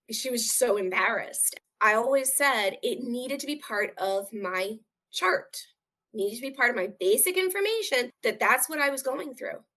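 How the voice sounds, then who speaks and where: A woman's voice: on the high side, fairly bright tone. A woman telling a painful personal story as an interview guest, earnest and open, often acting out what others said. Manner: earnest, acts out quoted voices.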